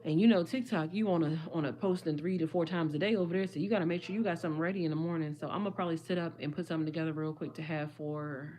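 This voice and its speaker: A young woman talks casually to her livestream audience, rambling and friendly with lots of y'all. Her voice sits a little low and is slightly hoarse. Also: fairly even intonation, very fast, few pauses, darkish tone. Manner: chatty, addresses viewers as y'all. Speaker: livestream host.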